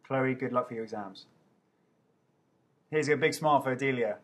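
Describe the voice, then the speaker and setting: A young man talking into a webcam during a live fan Q&A. He rattles off viewers' names and answers each one in an easy, chatty way, with a voice sitting at an ordinary middle pitch. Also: moderate pace. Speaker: TV host answering fan questions.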